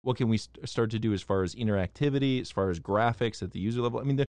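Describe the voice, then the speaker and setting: A man from the United States debating on a casual talk show, animated and emphatic, often restarting his words. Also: lowish voice, very fast, clean tone, no echo.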